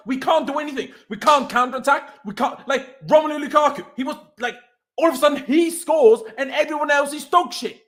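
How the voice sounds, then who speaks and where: A man's voice: extremely high pitch, fairly quick, fairly bright tone. A man hosting a football fan channel, delivering a furious, swearing post-match rant over a call.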